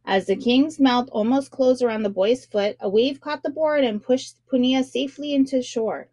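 A woman reading a children's picture book aloud as narrator, with expressive, dramatic emphasis. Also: sits high, normal speed, no room sound.

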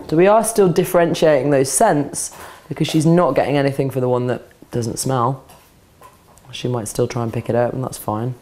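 A woman explains dog scent training in a calm, practical way. She talks like a trainer at work, mixing instructions with quiet praise for the dog. A faint hiss sits under her voice. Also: extremely low pitch, a little fast. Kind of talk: instructional demonstration. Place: indoors, training session with a dog.

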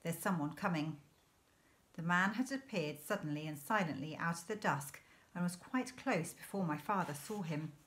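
A woman teacher reading a children's novel aloud in a clear, measured storytelling manner. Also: lowish voice, lively intonation, fairly bright tone. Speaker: primary school teacher.

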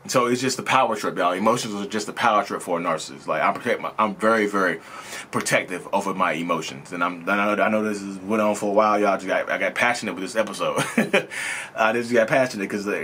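A man's voice: deep voice, bright, forceful tone, a little hiss or hum. A man in his thirties talking casually and earnestly to his viewers, rambling and repeating phrases as he tells his own story. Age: 30s. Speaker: video host sharing his own experience. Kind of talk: casual personal monologue.

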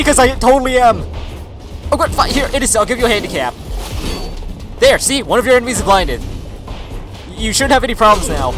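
High, excitable swearing gamer man. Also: a little fast, long pauses, over music. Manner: excitable, swears a lot, yells at his companion. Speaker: gaming video creator. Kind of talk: let's play commentary.

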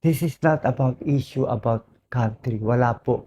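A Filipino doctor with a hoarse, weakened voice, talking slowly and earnestly in short, halting phrases in a personal video monologue. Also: male voice, medium pitch, warm tone. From Philippines.

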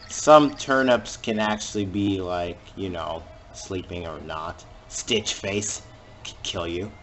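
A man giving jokey let's-play commentary over a video game and reacting with sudden loud exclamations. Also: low-pitched, slow pace. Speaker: gamer playing through a video game.

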